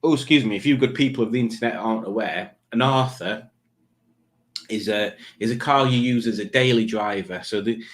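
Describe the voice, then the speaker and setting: A man's voice: on the low side, a little fast. Rambling man on a stream. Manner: rambling, playful, breaks into silly put-on voices. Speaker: live stream host. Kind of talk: casual live stream chat.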